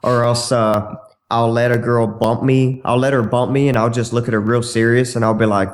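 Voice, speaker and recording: A man's voice: mid-range voice, level tone, moderate pace. A man as a guest on a casual podcast, a goofy, playful storyteller who acts out silly lines while giving dating advice.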